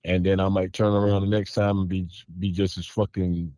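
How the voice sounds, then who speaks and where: Male podcast host, very low voice, forceful repeating delivery, dry close sound. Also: flat delivery, brisk, dry recording. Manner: emphatic, repetitive, profane. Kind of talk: casual podcast chat.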